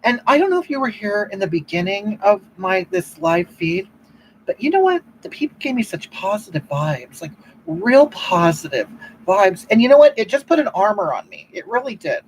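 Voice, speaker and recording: A performer lightly acts the part of a preachy older woman hosting a livestream, rambling in a gushing way about love and reading out the chat in an improvised comedic monologue. She speaks at normal speed with big pitch swings, swooping up and down and repeating "you know what?". Audio is poor, with a little hiss or hum.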